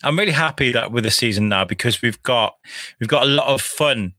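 A man hosting a casual podcast conversation, relaxed and laughing, with many fillers. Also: medium pitch, fairly quick, dry recording. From United Kingdom. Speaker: podcast host. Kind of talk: casual chat.

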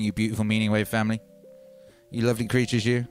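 A man's voice: on the low side, flat delivery, fast talker. A man from Wales, chatting casually as a livestream host in a loose, meandering way full of "you know" and "like.". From North Wales. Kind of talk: rambling casual livestream chat. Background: music.

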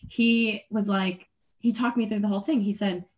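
A woman's voice: mid-range voice, steady tone, moderate pace. Young adult woman, interview guest; earnest, rambling delivery, frequent restarts and light laughs. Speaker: athlete guest. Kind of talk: casual interview.

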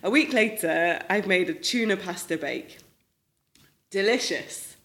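A woman from Manchester chatting casually on a podcast, telling quick animated stories, recorded in a church hall. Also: lowish voice. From Manchester, England. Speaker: podcast co-host.

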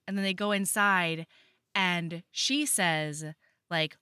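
A woman's voice: mid-range voice, animated, slow, pushed and bright, clean tone, no room sound, studio quality. A woman co-hosting a podcast, casually recapping a romance novel and acting out the characters' lines. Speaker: podcast co-host. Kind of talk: casual book recap chat.

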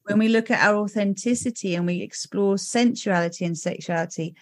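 A middle-aged woman hosts a podcast, talking candidly and telling stories with animation, often tacking on "right?" and "you know." Her voice is medium in pitch and fairly quick, with no echo.

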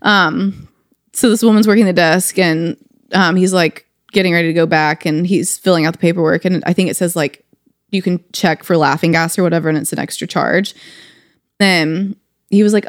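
A woman co-hosting a podcast in casual chat, telling a story with lively quoted voices. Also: lowish voice, brisk, no room sound, studio quality. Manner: animated storyteller, quotes people in their voices. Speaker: podcast co-host.

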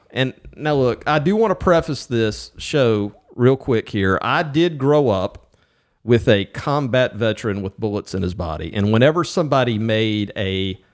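A man co-hosting a business podcast, chatting casually in a joking, animated way. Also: fairly low pitch. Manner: animated, jokey, with filler restarts. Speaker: podcast co-host. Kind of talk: casual chat.

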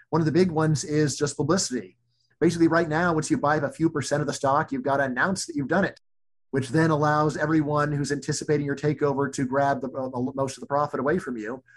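A middle-aged man, an economist guest, talking casually in an interview with many restarts and fillers. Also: medium pitch.

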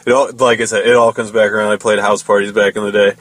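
A man's voice: fairly low pitch, little pitch movement, quick pace, fairly bright tone, no room sound, low-quality recording. Casual rambling podcast guy. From United States. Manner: loose, rambling, swears casually. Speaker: podcast host and metal musician. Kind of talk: casual storytelling monologue.

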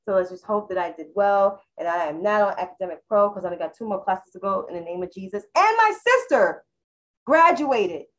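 A woman's voice: mid-range voice, lively intonation, a little fast, dull audio. Female co-host, mid voice, emphatic, churchy casual talk. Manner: emphatic, churchy turns of phrase. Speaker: podcast co-host. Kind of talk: casual chat.

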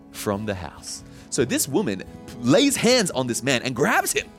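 A man preaching a sermon as a pastor, telling a story in a lively way with laughs and asides. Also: fairly high pitch.

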